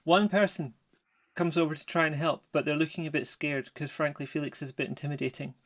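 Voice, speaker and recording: A man's voice: on the high side, steady tone, quick pace, fairly bright tone. A man acting as game master, explaining the rules and narrating in a casual, hesitant way. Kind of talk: running a tabletop game.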